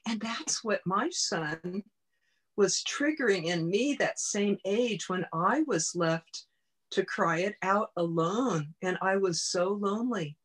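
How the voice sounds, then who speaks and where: A woman's voice: mid-range voice, expressive, slow, husky. A woman coach and podcast guest, telling a personal story in an earnest, heartfelt way. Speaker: guest, body-mind coach.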